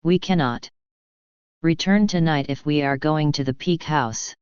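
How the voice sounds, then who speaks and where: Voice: medium pitch, unhurried, clear, resonant tone, dry recording, dull audio, close to an everyday voice. Impatient husband, as a storyteller reads him. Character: impatient husband, a grown man.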